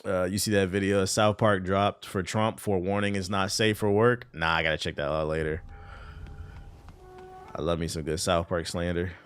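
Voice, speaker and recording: A man's voice: deep voice, fairly even intonation, moderate pace, a bit bright, smooth. A man streaming a game, chatting casually with his chat in loose, profane slang. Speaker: gaming streamer. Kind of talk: casual live-stream commentary while playing.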